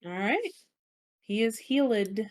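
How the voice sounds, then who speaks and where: A woman's voice: medium pitch, unhurried. A woman narrating as game master of a tabletop game, calling rolls and describing the enemies' turns.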